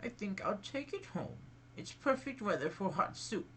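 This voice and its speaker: Man doing a high-pitched fussy old woman, bright tone, storybook. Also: sing-song, moderate pace, slight background noise, exaggerated voice. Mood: pleased. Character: fussy woman cooking soup, later fierce.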